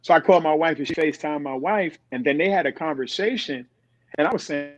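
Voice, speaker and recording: Speaking quickly in a slightly high voice, a middle-aged man appears as a podcast guest, telling animated stories in conversation. He mimics the voices of people he quotes, and the recording sounds dull and dry.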